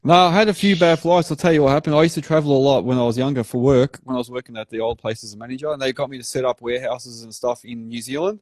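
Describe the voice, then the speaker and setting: An Australian man hosting a casual chat, telling an animated story and swearing casually. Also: mid-range voice, quick pace, hardly any pauses, no echo, clean studio sound. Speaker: podcast host.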